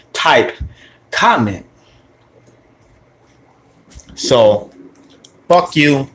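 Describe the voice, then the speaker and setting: A man's voice: medium pitch, fairly bright tone. A young man livestreaming from his phone as he walks to a store, rambling, swearing and answering his chat. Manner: profane, rambling and joking, talks back to chat. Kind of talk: casual livestream talk. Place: out walking to a store, then inside the store.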